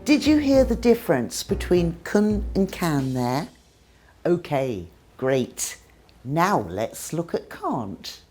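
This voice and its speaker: A woman's voice: lowish voice, big pitch swings, slow, a little mellow, soft background music. A British woman teaching English pronunciation, modelling sounds carefully and with exaggerated demonstrations. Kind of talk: scripted pronunciation lesson.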